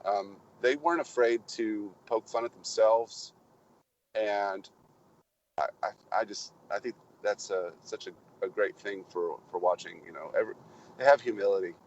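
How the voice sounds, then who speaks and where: Casting: lowish male voice, enthusiastic but halting podcast co-host, dull lo-fi sound. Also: a little hiss or hum. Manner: halting, repeats words, enthusiastic. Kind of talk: casual chat about films. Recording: muffled lo-fi podcast audio.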